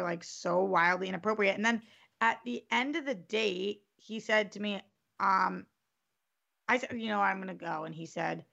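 Woman, casual storyteller, gravelly edge, lively quoting, lo-fi recording. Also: medium pitch. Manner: animated, acts out quotes, swears freely. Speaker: storyteller in a group chat.

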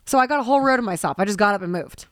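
A woman's voice: medium pitch, lively intonation, very fast, dry recording, clean studio sound. A young woman co-hosting a casual podcast, telling stories in an exasperated, profane rant. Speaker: podcast co-host. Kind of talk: casual chat, storytelling.

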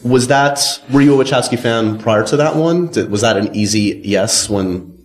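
A man's voice: medium pitch, normal speed, reverberant. A man hosting an interview, asking questions in an enthusiastic, chatty way with loose phrasing. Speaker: interviewer host. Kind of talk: casual interview.

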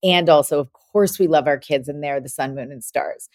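A woman podcast host who reflects aloud and builds on her guest's points in a relaxed interview. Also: deep voice, normal speed, no room sound, clean studio sound.

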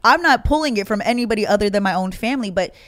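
A woman co-hosting a podcast in casual chat, from the Bay Area, telling stories with quick asides. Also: mid-range voice, animated, dry recording. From San Francisco Bay Area. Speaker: podcast co-host.

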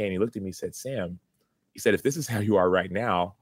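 A man's voice: deep voice, fast talker, breathy edge, no room sound. A man in his thirties, a former football player, earnestly recounting a personal story in an interview, with many restarts.

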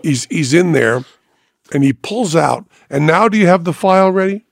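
A gravelly, husky man hosting a podcast, telling stories with animated, swooping pitch. He acts out the people in his stories as he goes. The sound is dry and close. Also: normal speed, dry recording. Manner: lively storyteller, acts out other people's voices. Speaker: podcast host. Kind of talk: casual chat, animated storytelling.

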